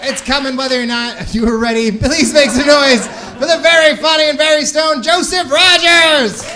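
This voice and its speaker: A man hosting a comedy show, shouting hype introductions for the next act. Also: very high voice, moderate pace. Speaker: show host. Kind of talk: announcing acts. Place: comedy club stage. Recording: noisy club with loud crowd.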